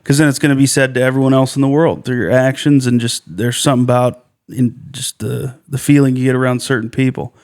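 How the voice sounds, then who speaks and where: Man, podcast co-host, smooth clear voice, reflective, storytelling. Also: medium pitch, fast talker, hardly any pauses. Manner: reflective, storytelling, quotes others in animated voices. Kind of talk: casual podcast chat.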